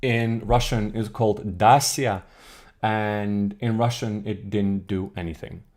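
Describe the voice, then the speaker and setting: Teaching an old alphabet book live, a man speaks slowly in a low-leaning, steady, darkish voice. He reads viewers' chat questions and answers them, thinking aloud and correcting himself in mid-sentence.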